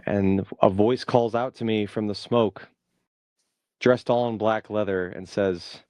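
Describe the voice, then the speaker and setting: A man's voice: lowish voice, fairly even intonation, measured pace, darkish tone, no room sound. Playful storytelling man. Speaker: podcast co-host. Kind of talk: casual chat.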